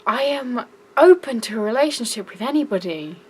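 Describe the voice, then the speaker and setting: A young woman with a British accent ranting in a vlog, shouty and exasperated. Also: on the high side, expressive, fairly quick, husky, poor audio. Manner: shouty, exasperated, breaks into laughs. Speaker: vlogger.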